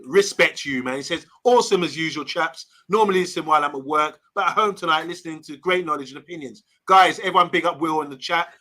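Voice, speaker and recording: A man's voice: a little high, quick pace, hardly any pauses, sharp tone. A man co-hosting a live fan stream, chatting casually and reading viewer comments aloud. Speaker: podcast co-host.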